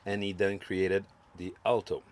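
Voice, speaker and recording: A man with a French Canadian accent, a guest in a casual interview, speaking in a relaxed, conversational way. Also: low-pitched, measured pace. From Quebec.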